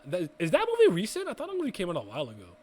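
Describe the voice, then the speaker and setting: A man's voice: sits high, wildly swooping pitch, very fast, a little mellow. A young man co-hosting a casual podcast, rambling through restarts and swearing freely as he chats. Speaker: podcast co-host. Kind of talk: casual chat.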